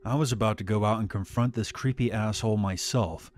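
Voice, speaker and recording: A man reads a scripted horror story aloud in a steady, measured voice. His voice sits on the low side. Faint music plays underneath. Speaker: narrator.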